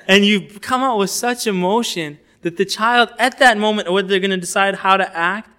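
A man giving an informal lecture on outreach techniques, animated and conversational, often acting out little dialogues. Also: sits high, brisk, few pauses. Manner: conversational with fillers and asides.

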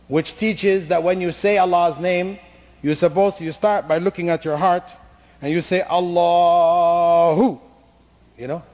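A man with a fairly high voice delivers an emphatic, lecture-style sermon. He mocks practices he criticizes with pointed imitations. His words ring out with a long hall reverb. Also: darkish tone. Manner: emphatic, mocking imitations of chanting. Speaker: preacher.

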